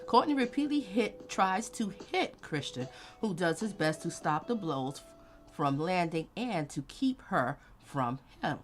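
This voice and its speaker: A woman's voice: lowish voice, a little slow, faint music behind. A woman hosting a casual live-stream commentary, talking bluntly and directly to her viewers. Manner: blunt, animated, talks straight to viewers.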